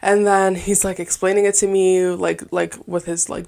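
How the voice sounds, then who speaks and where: A woman's voice: mid-range voice, fairly quick, gravelly, hardly any pauses. A woman in her twenties hosting her own podcast, telling personal stories in a chatty, candid way full of fillers. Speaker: podcast host. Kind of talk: casual solo podcast talk.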